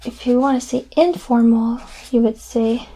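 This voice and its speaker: A woman in a whispered role-play as a French teacher, soft-spoken and patient, repeating each word slowly. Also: a little high, fairly even intonation.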